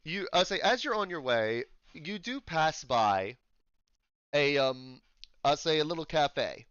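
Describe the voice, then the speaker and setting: Animated, bright-voiced game master. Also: male voice, on the high side, takes it slowly, clean tone, no room sound, lo-fi sound. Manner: loose and rambling, with many fillers. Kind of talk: narrating a tabletop game.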